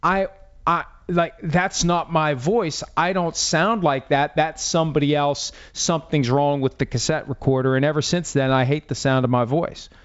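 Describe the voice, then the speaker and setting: A man hosts a casual sports podcast in a smooth, resonant voice. He rambles wryly and makes fun of himself. The sound is a little dull and lo-fi. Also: on the high side, fairly even intonation, normal speed. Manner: wry, self-deprecating, rambling. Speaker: podcast host.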